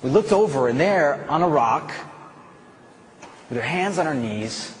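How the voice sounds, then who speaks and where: A man with a fairly high voice giving a motivational talk as a story, very animated and swinging from loud outbursts to quiet, hushed stretches. Faint noise sits under the recording. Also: measured pace. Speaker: motivational speaker.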